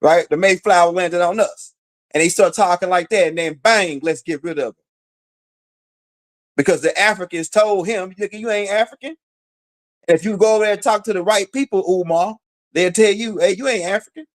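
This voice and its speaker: In a high-pitched voice at a moderate pace, a man delivers a casual, slangy commentary monologue full of fillers. He addresses his target directly, hammering them with rhetorical question after rhetorical question.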